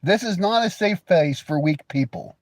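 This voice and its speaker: A man's voice: high-pitched, expressive, moderate pace, dry recording. A man with an American accent hosting a livestream, teasing and crude in casual banter. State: coughing. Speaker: livestream host.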